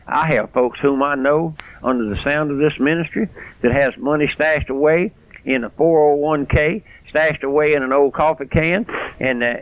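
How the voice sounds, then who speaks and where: An older man delivers a fiery radio sermon, his fairly high voice climbing to shouts on key phrases. The sound is dry and a little dull, like an old radio broadcast. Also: creaky, no echo. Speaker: pastor.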